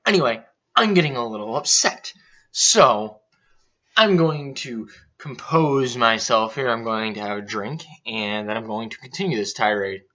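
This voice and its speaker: A man's voice: mid-range voice, lively intonation, measured pace, pushed and bright. A man on a vlog delivering an angry, profane rant, heated and sarcastic. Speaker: vlogger. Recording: dull lo-fi recording.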